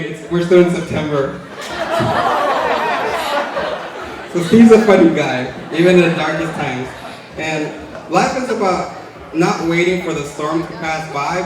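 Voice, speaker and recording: A man's voice: a little high, background noise. A young man in his twenties giving a chatty, joking wedding toast for his twin brother, laughing between lines. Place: large hotel banquet hall. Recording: very echoey banquet hall, distant mic.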